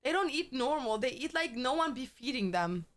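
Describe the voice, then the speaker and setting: A high-pitched woman from Germany, speaking English. She streams and chats loosely with her viewers, rambling from one thought to the next and cursing casually. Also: expressive, normal speed, a bit bright. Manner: chatty, rambling, swears freely.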